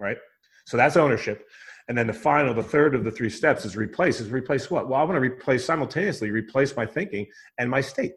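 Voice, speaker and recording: This mid-range male voice is expressive and fast as he walks through a mindset method. He speaks emphatically and repeats himself, voicing his own thoughts as quotes, restarting often and tagging lines with "right?"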